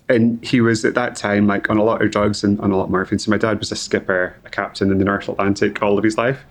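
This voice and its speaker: A man, talking haltingly about grief as an interview guest, often repeating words. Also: on the low side, level tone. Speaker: guest, company founder. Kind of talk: emotional interview conversation.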